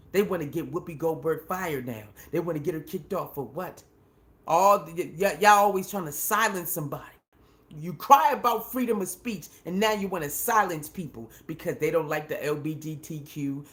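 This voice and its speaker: His voice is high with a fairly bright tone. As host of his own commentary show, he talks informally and forcefully, using slang and circling back to the same points often.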